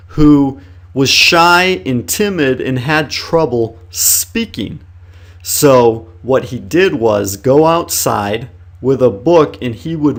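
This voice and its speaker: Slow, patient male English teacher. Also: mid-range voice. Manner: slow, deliberate, encouraging explanation. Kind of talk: instructional video lesson.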